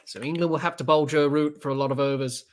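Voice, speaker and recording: A man's voice: fairly high pitch, fairly even intonation, fast talker. A man hosting a podcast, giving unscripted play-by-play cricket commentary with fillers and restarts. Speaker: podcast host doing live match commentary.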